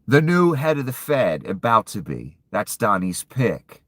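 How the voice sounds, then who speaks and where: A man's voice: on the low side, very animated, a little slow, fairly bright tone, no room sound. Male commentator, furious profane rant with sarcasm, dry close recording. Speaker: political commentator. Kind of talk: angry political rant.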